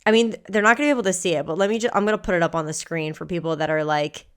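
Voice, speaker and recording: Blunt, foul-mouthed woman with a smooth voice. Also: on the low side, fairly bright tone. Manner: blunt, profane, teasing, rapid. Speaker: podcast co-host, coach. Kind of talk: casual chat.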